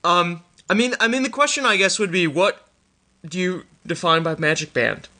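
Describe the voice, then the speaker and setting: A man with a Midwestern American accent hosting a casual live-streamed show, animated, with frequent restarts and laughter. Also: high-pitched, normal speed. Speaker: podcast host.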